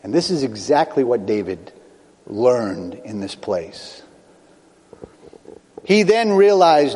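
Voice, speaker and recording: An older man preaches from the pulpit, his somewhat high voice rushing ahead in bursts and then slowing on emphatic phrases. The sound rings out with a long reverb, like a church sanctuary. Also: big pitch swings, darkish tone. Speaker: pastor. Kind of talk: sermon.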